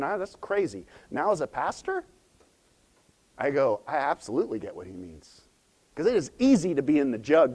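Middle-aged guy pastor giving a sermon, talks like he's telling a story to friends. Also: medium pitch. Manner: conversational storytelling with animated quoted voices.

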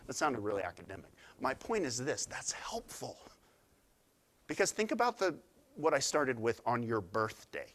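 A middle-aged man preaching a sermon as pastor, in a conversational, animated way with asides and restarts. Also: medium pitch, normal speed.

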